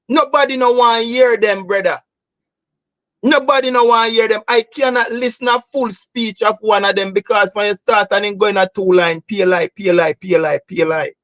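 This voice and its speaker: A man's voice: high-pitched, steady tone, moderate pace, few pauses, a bit bright, no room sound, highs cut off. A Jamaican man hosting a political talk show, speaking passionately and emphatically in patois-laced English, often calling listeners "bro.". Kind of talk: heated political commentary.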